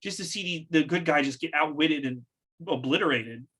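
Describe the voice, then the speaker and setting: A man's voice: a little high, moderate pace, a bit bright, breathy edge. A man co-hosting a casual wrestling talk, giving emphatic, profane opinions. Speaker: podcast co-host.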